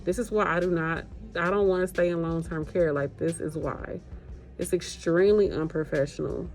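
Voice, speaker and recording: A young woman nurse vents in a loose, casual vlog style. She speaks straight to her audience, exasperated and blunt, letting swear words slip in. Faint music sits quietly under her voice. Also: fairly low pitch. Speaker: agency nurse vlogger. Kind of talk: casual vlog rant to viewers.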